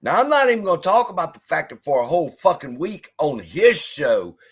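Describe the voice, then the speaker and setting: A man's voice: on the high side, very animated, fairly quick, slightly rough. A man hosting a livestream, ranting in an angry, profane, heated way. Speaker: livestream host. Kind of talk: unscripted livestream rant.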